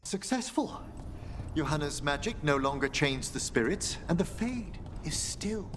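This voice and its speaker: An actor playing a refined, courteous older scholar of death magic in video game dialogue, speaking in a formal, measured and wistful way. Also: male voice, fairly high pitch, expressive, background noise.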